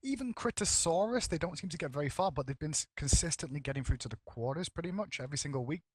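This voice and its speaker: A man's voice: fairly high pitch, lively intonation, fast talker, slightly rough, dry recording. A man casting a live esports match, joking and bantering with his co-caster between calls. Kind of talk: live esports play-by-play commentary.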